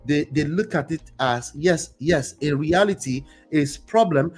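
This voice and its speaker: A man hosting a motivational commentary show, speaking straight to his viewers in a preachy, animated way. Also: fairly high pitch, a little slow, few pauses, breathy edge, faint music behind. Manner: preachy, animated, talks to the audience directly. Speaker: host.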